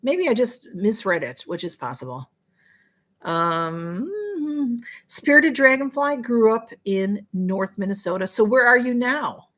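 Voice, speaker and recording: A woman's voice: fairly high pitch, expressive, slow pace, a bit bright. Chatty woman hosting a livestream. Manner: chatty, distracted, apologizing for missing comments. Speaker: livestream host. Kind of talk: casual livestream chat reading viewer comments.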